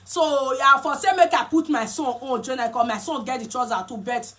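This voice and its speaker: A woman's voice: high-pitched, normal speed, fairly bright tone. A woman with a Nigerian accent chatting casually as a vlogger while explaining and showing clothes. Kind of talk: casual chat.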